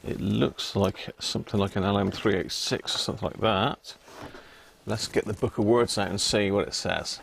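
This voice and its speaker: A man's voice: lowish voice, steady tone, moderate pace, creaky, slight background noise. A man hosting a casual live stream, chatting with viewers and reading labels aloud with little chuckles. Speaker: livestream host.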